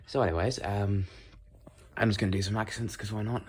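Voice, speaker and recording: A man's voice: on the low side, fairly even intonation, a little fast, breathy edge. A man vlogging in a casual, rambling, self-deprecating way, with lots of fillers.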